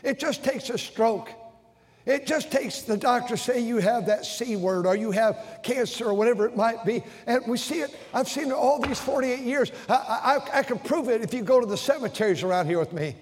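An older man preaches from the pulpit, his voice high for a man. He talks with heartfelt emotion, stumbling and restarting his phrases. The big auditorium wraps every word in a long, ringing reverb. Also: moderate pace. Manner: emotional, repeating himself with stammered restarts. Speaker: pastor. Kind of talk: sermon. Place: large church auditorium.

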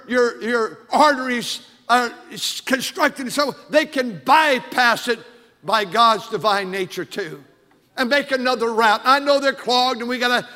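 An older man, a pastor, preaching a sermon with fervent emphasis that rises into shouts, in a church sanctuary. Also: very high-pitched. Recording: long hall reverb.

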